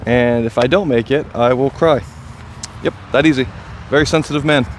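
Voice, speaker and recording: A man vlogging his disc golf round outdoors, chatting casually and getting excited and self-deprecating over his throws. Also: medium pitch, normal speed, slight background noise. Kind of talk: casual play-by-play commentary.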